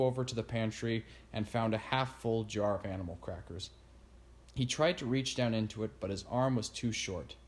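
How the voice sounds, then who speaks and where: A man narrating a storybook chapter in a steady reading voice. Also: on the low side, moderate pace. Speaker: audiobook narrator.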